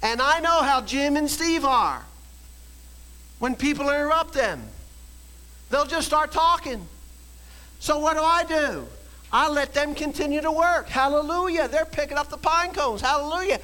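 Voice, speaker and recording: A man preaching a sermon, telling a story and swinging from quiet storytelling to shouted exhortation. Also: extremely high pitch, a little slow, low-quality recording. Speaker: pastor.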